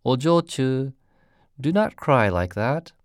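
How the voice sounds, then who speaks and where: A man voicing a kind grown man who gently pleads and later gasps in terror. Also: mid-range voice, big pitch swings, takes it slowly, dry recording, clean studio sound. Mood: gentle pleading. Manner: pleading, then panting and gasping.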